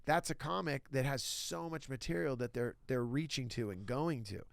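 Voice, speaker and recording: A middle-aged man, a stand-up comedian, telling lively anecdotes in a casual interview and acting out other people's lines. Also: mid-range voice, normal speed, vocal fry, no echo.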